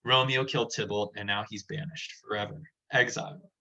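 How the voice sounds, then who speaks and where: A man's voice: on the low side, fairly even intonation, fairly quick, gravelly, bright, forceful tone, muffled recording. A male teacher casually explaining a play scene by scene, retelling it in everyday words.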